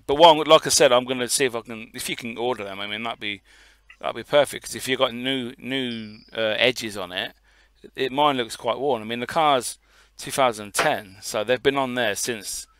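Male co-host, casual sweary chat, bright crisp voice, dry close mic. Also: mid-range voice, normal speed, no room sound. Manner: sweary, animated storytelling. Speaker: podcast co-host.

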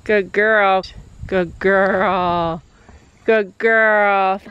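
A woman's voice: medium pitch, steady tone, drawn-out words, lo-fi sound, a little hiss or hum. A woman chatting casually to her camera outdoors at a horse barn, soothing a frightened horse. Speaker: vlogger and mother. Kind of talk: casual vlog narration.

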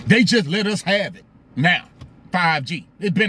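A man's voice: high voice, expressive, measured pace, bright, forceful tone. A man talks casually to his live stream audience. He keeps asking rhetorical questions and breaks off to greet viewers by name. There is faint noise in the background.

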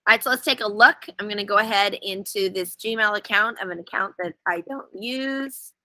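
A woman's voice: medium pitch, normal speed, bright, forceful tone, dry recording, rough recording. A woman running a casual webinar, explaining step by step in a chatty, wry way while sitting outdoors.

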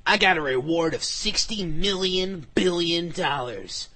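A man giving a comic, mock-dramatic reading of fan fiction, sometimes bursting into shouts. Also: fairly high pitch, expressive, unhurried. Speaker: reader.

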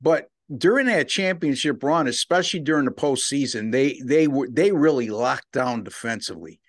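A man's voice: mid-range voice, expressive, moderate pace, no echo. A man co-hosting a sports betting podcast, talking casually with plenty of fillers and easy agreement. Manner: conversational, filler-heavy, agreeable.

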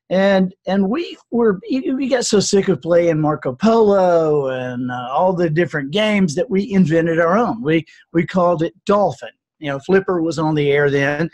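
Casting: older male author, husky, unhurried storyteller in an interview. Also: high voice. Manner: earnest, reflective storyteller. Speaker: author and speaker.

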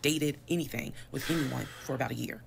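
A woman, telling a personal story in a fast, animated and detailed way. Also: a bass voice, gravelly, slight background noise. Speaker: storyteller in a played video.

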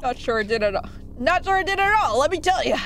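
A woman's voice: high voice, lively intonation, quick pace, fairly bright tone, a little hiss or hum. A woman voicing a big, old, humbled male fish who talks in a folksy drawl. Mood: weary.

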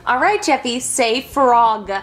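A woman playing a cheerful mom who makes quick, upbeat remarks while helping teach a boy. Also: fairly high pitch, faint music behind. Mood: matter-of-fact.

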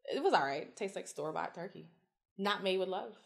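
A woman guest telling stories in casual chat, animated and swearing freely as she acts out quotes. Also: on the low side, fairly quick, gravelly. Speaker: podcast guest.

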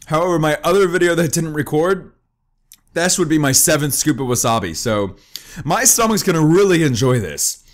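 Excitable young man with lively pitch. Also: normal speed. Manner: excitable, joking, yelps and groans from spicy food. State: eyes watering, voice strained from wasabi. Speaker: gaming YouTuber. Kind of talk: gaming commentary.

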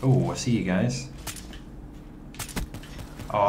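Background noise accompanies this young gaming commentator, whose medium-pitched voice moves at a normal pace. Playing from a home setup, he chats eagerly with viewers about his own gameplay.

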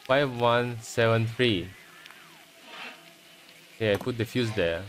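Playing a horror game for his stream, a man reads text from the screen, swears, and jumps at frights. His medium-pitched, slightly bright voice moves slowly with long pauses, and the rough recording has slight background noise.

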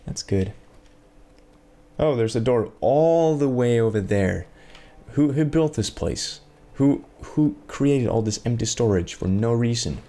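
A man's voice: mid-range voice, expressive, unhurried, warm tone. A man giving sarcastic, rambling gameplay commentary to himself, swearing often, at a desk microphone. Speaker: let's play gamer.

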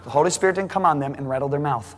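A man preaching a sermon to a congregation, emphatic and rising to near shouting at high points. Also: rapid-fire. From United States. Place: large church hall. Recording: live sermon in a reverberant hall.

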